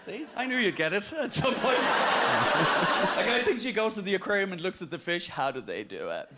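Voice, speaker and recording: A man's voice: sits high, lively intonation, brisk, a loud crowd, heavy background noise. A Danish man doing stand-up in English with an Irish-tinged accent, self-mocking and acting out voices. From Denmark. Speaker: stand-up comedian. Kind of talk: stand-up set.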